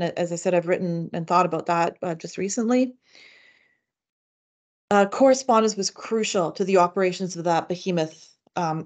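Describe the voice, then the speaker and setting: A woman giving an academic seminar paper in a measured way, with frequent fillers and restarts. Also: medium pitch, a little mellow. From Canada. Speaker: academic speaker. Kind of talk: seminar lecture reading a paper.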